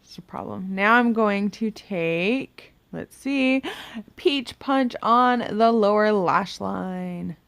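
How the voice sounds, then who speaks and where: A woman's voice: mid-range voice, takes it slowly, creaky, fairly bright tone, clear, resonant tone, no room sound. A woman chatting through a makeup tutorial at home, talking to herself as she works and humming now and then. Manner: chatty, talks to herself while working, hums and mutters. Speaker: beauty vlogger. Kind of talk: casual makeup tutorial chat. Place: home bedroom.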